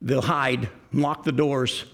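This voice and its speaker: A man's voice: mid-range voice, steady tone, takes it slowly, creaky, fairly bright tone. A male pastor preaching a sermon in a conversational way, asking his listeners questions.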